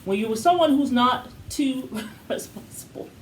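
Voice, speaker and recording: A woman co-hosting a casual review chat, talkative and opinionated, quick to act out scenes she describes. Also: sits high, animated, a little hiss or hum, low-quality recording. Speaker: co-host of a TV review channel.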